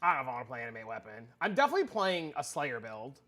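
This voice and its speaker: A man's voice: medium pitch, huge pitch swings, racing, few pauses, pushed and bright, soft background music. A man livestreaming, chatting casually with his viewers in a rambling, profane way, often repeating himself.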